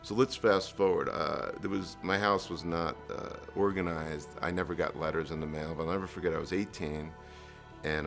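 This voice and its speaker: Deep gravelly man telling his story. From New Jersey, USA. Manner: earnest storytelling with fillers and restarts. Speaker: entrepreneur guest. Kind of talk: candid life-story interview.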